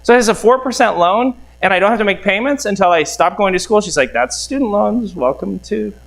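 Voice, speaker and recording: A man's voice: sits high, lively intonation, a little fast, gravelly, rough recording. A middle-aged man from the United States, a real estate mentor, telling a seminar story and acting out both sides of the conversations.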